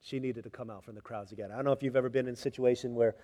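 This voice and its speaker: A man preaching a sermon, telling stories with voices, swinging from hushed tender passages to loud emphatic ones. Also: mid-range voice, steady tone, racing, long reverb tail. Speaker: pastor.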